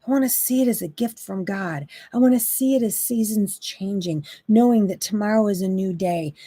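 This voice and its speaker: A woman's voice: medium pitch, moderate pace, warm tone, slightly rough, no room sound. A woman hosting a faith-based monologue, talking in an impassioned, exasperated, preachy way. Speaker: Christian talk host.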